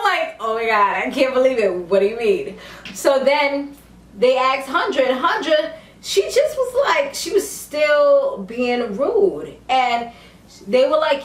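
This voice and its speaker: A woman tells a reality show recap in a loose, chatty way and jumps into the voices of the people she quotes. Her voice sits a little high. She sounds set back from the mic in an echoey room. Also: far from the mic. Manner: animated storytelling, acts out quotes.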